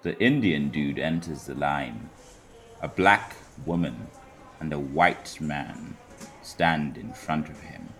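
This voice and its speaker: A man putting on a deep dramatic narrator voice to set a comedy sketch scene in a slow, portentous way. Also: animated, fairly bright tone, soft background music, full character voice. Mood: ominous.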